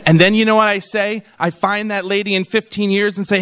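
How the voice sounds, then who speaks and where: A man with a notably high-pitched voice delivers a humorous summit talk. He is in his thirties and tells stories with quick comic asides. He acts out quoted lines from the people in his anecdotes. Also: smooth, some chatter behind. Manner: lively storytelling with comic asides and acted quotes. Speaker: keynote speaker on tourism. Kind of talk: humorous conference speech.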